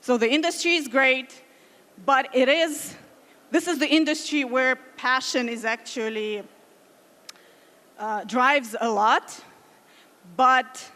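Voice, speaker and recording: Woman, thirties, conference speaker; earnest, filler-heavy English; a little high, long hall reverb. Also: a bit bright. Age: 30s. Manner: earnest, with frequent fillers and restarts. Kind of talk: conference talk.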